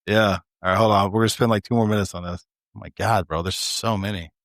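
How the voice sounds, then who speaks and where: A man's voice: lowish voice, steady tone, no echo, clean studio sound. Profane, laughing male podcast co-host. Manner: loose and profane, quick to laugh. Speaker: law enforcement officer. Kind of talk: casual barbershop chat.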